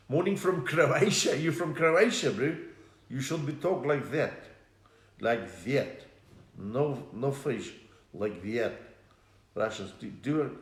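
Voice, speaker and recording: A South African comedian hosts a livestream from his home lounge, chatting casually in a mid-range voice with a roomy sound. He reads viewer comments aloud, tells jokes, and slips into put-on voices, mixing casual chat with stand-up storytelling.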